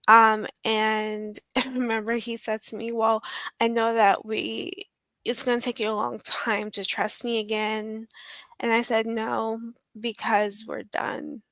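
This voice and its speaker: Slow gravelly-voiced woman telling her story. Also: fairly high pitch, little pitch movement, a bit bright, dry recording. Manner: halting, emotional, with many pauses and fillers. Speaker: interview guest. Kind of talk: personal story in an interview.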